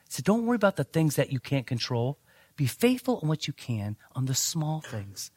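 Male pastor, slightly higher voice, chatty storytelling sermon, dry close recording. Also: very animated, moderate pace, darkish tone, breathy edge, no echo. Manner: conversational preaching with anecdotes, frequent restarts.

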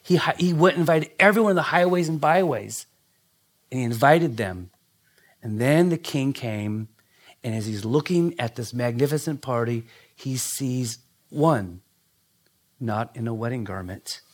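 A middle-aged man preaching a sermon, animated, acting out quoted voices and dropping to quiet asides. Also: mid-range voice, measured pace. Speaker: pastor.

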